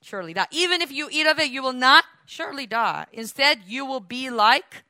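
A sly serpent pressing its temptation in a high, insistent voice, acted out by a woman preacher. The sound is bright and edgy, recorded dry and close. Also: expressive, fairly quick, dry recording. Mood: coaxing. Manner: coaxing, insistent, pitched high.

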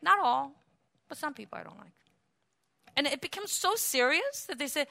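A woman pastor preaching a sermon in a church, animated, acting out quotes and laughing often. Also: sits high, normal speed, vocal fry.

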